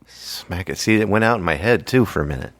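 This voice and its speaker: Joking male co-host, low voice with lively pitch, dry close sound. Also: a little fast, dry recording. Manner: joking, teasing, playful. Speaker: podcast co-host. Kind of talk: casual chat.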